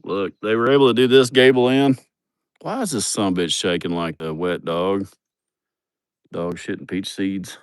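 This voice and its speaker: A man's voice: deep voice, unhurried, clean tone, dry recording. Profane man rambling outdoors. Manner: rambling and profane, laughs at his own stories. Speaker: vlogger showing a building project. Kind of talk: casual livestream chat. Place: outdoors at a building site.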